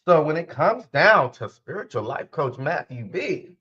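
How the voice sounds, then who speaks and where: A man's voice: fairly high pitch, very animated, a little slow, sharp tone, slightly rough, dull audio. A man hosting his own podcast in a casual, rambling way, talking straight to his listeners and often correcting himself. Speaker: podcast host and spiritual life coach. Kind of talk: casual solo podcast talk.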